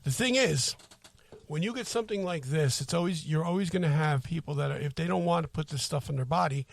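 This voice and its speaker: A man's voice: a little high, a little fast, creaky. A man co-hosting a casual podcast, rambling through his opinion with many restarts. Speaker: podcast co-host.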